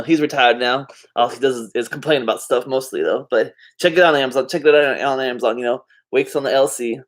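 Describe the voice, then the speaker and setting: Rambling laid-back man vlogging. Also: mid-range voice. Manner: meandering, filler-heavy, drifts off topic; laid-back slangy talk. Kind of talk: casual rambling monologue to camera.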